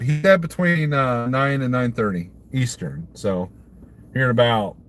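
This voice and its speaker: A man's voice: mid-range voice, a little slow, soft background music. A man from Missouri, a trucker hosting a casual live stream, rambling and answering viewer comments while chuckling at his own jokes. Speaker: trucker livestreamer.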